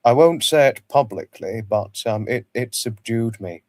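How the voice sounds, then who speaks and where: A man's voice: mid-range voice, measured pace, dry recording. A man hosting a casual livestream, rambling, repeating himself and greeting viewers by name. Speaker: livestream host.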